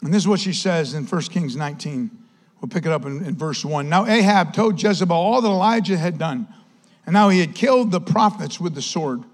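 A man preaching a sermon as pastor, telling the story with animated energy and acting out the quotes. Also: a little high, brisk, big-room sound.

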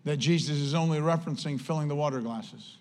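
A male pastor delivers a sermon in an earnest, conversational manner, often turning to speak directly to the church. For a man his voice sits fairly high, and he talks fast with a slightly mellow quality.

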